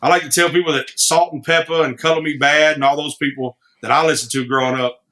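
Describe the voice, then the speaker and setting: A man's voice: a little high, steady tone, fast, sharp tone. A man guesting on a podcast, a singer-songwriter telling rambling stories with many restarts. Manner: rambling, frequent restarts, laughs easily. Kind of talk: casual storytelling.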